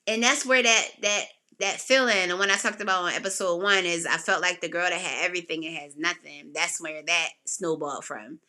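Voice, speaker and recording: Speaking briskly with few pauses, this podcast host has a fairly low-pitched woman's voice. She tells a personal story in casual conversation, getting animated and emotional and voicing other people's words loudly.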